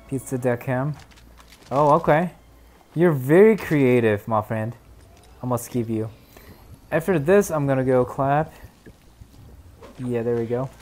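Young guy streaming a shooter, rambly, excitable, mumbles then yells. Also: medium pitch. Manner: excitable, chatty, swings between mumbling and loud outbursts. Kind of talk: live gameplay commentary.

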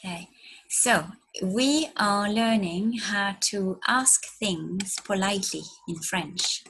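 A woman's voice: mid-range voice, slow pace, a bit bright, slightly rough. A woman teacher giving an online lesson to young children, encouraging them and modelling words for them to repeat. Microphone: recorded for an online video lesson.

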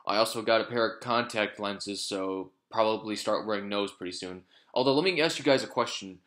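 Rambling low-voiced man vlogging. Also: brisk, a bit bright. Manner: rambling, swears freely, many fillers and restarts. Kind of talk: casual talking-head vlog.

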